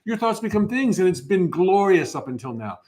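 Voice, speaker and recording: Man, fifties, slightly higher voice, upbeat motivational workshop host, loose and restarting. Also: sing-song, a little fast, a little mellow. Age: 50s. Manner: enthusiastic, upbeat, with frequent restarts. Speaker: motivational speaker hosting a live workshop. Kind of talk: live motivational workshop talk.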